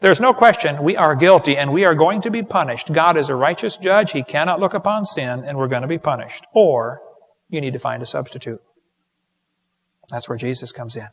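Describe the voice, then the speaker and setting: A man's voice: medium pitch, in a large hall. A man preaching, joking with his audience before an earnest altar call. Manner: folksy, joking with the crowd, earnest pleading. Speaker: evangelist.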